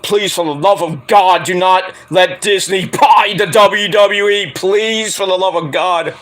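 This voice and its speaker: A man's voice: high-pitched, unhurried, a bit bright, faint music behind. A man giving a rambling, joking casual livestream review of a wrestling show.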